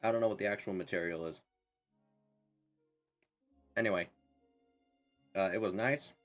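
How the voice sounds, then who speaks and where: A man's voice: deep voice, moderate pace, fairly bright tone, faint music behind. A young man streaming a game, chatting casually in a rambling, self-correcting way. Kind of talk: casual chat while gaming.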